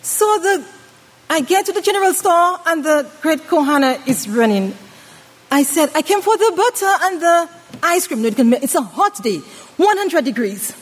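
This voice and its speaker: A woman preaching a sermon with an acted-out story, dramatic, swinging between loud and hushed delivery. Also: extremely high pitch, lively intonation, moderate pace. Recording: long reverb of a hall.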